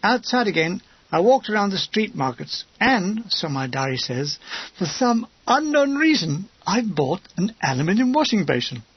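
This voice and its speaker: A man's voice: sits high, big pitch swings, moderate pace, husky, dry recording. A man narrating a war memoir audiobook in a wry, comic storytelling manner. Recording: dull lo-fi dry recording.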